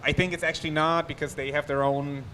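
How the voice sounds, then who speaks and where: A man's voice: fairly high pitch, level tone, fast talker, bright, forceful tone, slight background noise. A man with a German accent giving a conference talk on a technical topic, loose and chatty, with restarts and asides. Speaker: conference speaker. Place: conference hall.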